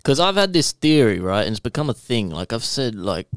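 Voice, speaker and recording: A man co-hosting a podcast, talking in an offhand, quick and rambling way. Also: medium pitch, big pitch swings, clean tone, dry recording, clean studio sound. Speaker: podcast co-host. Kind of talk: casual podcast chat.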